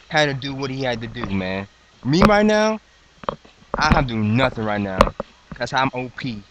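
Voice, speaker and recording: A man in his twenties hyping up his rap crew, boastful, excitable and mock-dramatic. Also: medium pitch, noisy background. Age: 20s. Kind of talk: hyped comedic freestyle intro.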